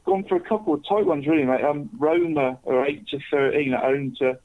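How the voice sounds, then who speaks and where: Over a tinny line that sounds like a phone, a man co-hosting a podcast as a football tipster rambles in casual chat and addresses everyone as "mate". His voice is a little high, and he talks a little fast.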